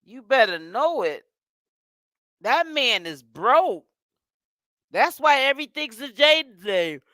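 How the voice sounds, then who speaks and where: A woman's voice: sits high, sing-song, slow, a bit bright, no room sound, clean studio sound. A woman hosting a gossip commentary vlog, talking in a sassy, chatty way with lots of "honey" and "child" asides. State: tired and yawning while fasting. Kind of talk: casual chat.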